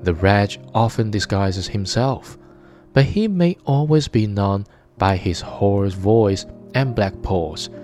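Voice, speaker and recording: A man's voice: fairly low pitch, animated, takes it slowly, a little mellow, faint music behind. A man voicing a caring old mother goat who warns her children, in a read-aloud fairy tale. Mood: warning.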